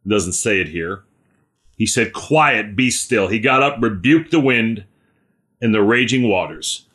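Slow-talking bright-voiced male preacher. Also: fairly low pitch, lively intonation. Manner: informal, asks "right?" often, addresses listeners by name. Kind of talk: conversational sermon.

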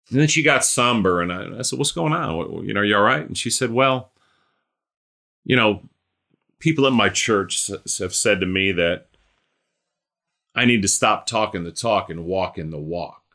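A man's voice: lowish voice, measured pace, creaky, pauses often, bright, forceful tone. A man preaching a sermon, telling a story and building to emphatic exhortation.

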